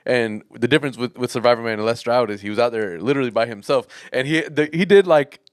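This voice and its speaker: A man's voice: mid-range voice, fast, smooth, dry recording, clean studio sound. A man co-hosting a podcast in casual chat, easygoing and agreeable, chuckling often. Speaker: podcast co-host.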